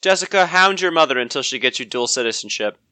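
Bright, lively bantering woman. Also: low voice, quick pace, no echo. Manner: bantering, teasing, tries silly accents. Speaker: podcast co-host. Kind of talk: playful family podcast chat.

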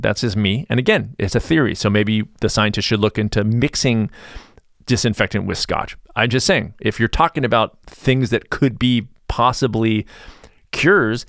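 A man's voice: mid-range voice, gravelly, dry recording, clean studio sound. A middle-aged man hosting a podcast in a rambling, sarcastic, self-interrupting monologue. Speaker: podcast host.

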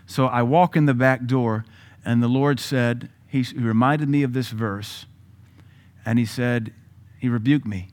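A man's voice: mid-range voice, steady tone, measured pace, darkish tone. A middle-aged male pastor preaching a sermon, telling a personal story with laughs and sudden swings in volume.

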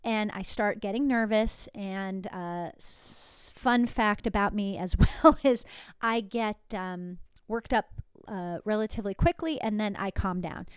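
A middle-aged woman from Southern California hosting her own podcast, telling a personal story in a chatty, animated way with asides. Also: mid-range voice, clear, resonant tone, no room sound, studio quality. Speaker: podcast host. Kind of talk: casual storytelling monologue. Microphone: desktop podcast microphone.

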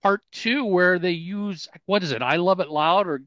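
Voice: medium pitch, normal speed, fairly bright tone, no room sound, lo-fi sound. A podcast host asking casual questions, often restarting and repeating words. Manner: hesitant, repeats words when starting questions.

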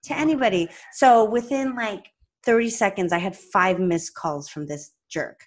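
A woman hosting a podcast, chatting casually and retelling a tense phone call with animated, lively delivery and plenty of "like"s. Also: mid-range voice, normal speed. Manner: chatty, many "like"s and restarts. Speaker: podcast host and practice owner. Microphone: podcast microphone.

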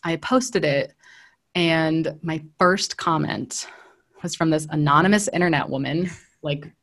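A woman's voice: low voice, a little slow. A woman in her thirties, a data trainer chatting casually on a podcast and acting out the voices in her stories. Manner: animated storyteller, acts out quoted voices, laughs often.

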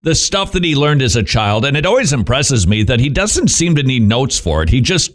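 A man's voice: mid-range voice, big pitch swings, a little fast. A middle-aged man hosting Christian radio, giving a devotional talk with joking asides to himself.

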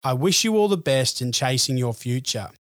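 A man hosting a podcast, reading a scripted narration in an earnest, measured way. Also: mid-range voice, expressive, dry recording, studio quality. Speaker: podcast host.

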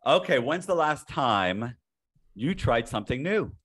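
A man co-hosting a casual chat, laid-back and quick to agree. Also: mid-range voice, very animated, a bit bright, slightly rough.

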